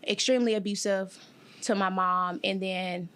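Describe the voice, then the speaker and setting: Young woman, bright and crisp tone, candid and emotional, halting with fillers. interview guest. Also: medium pitch, steady tone. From Detroit, USA. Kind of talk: personal interview.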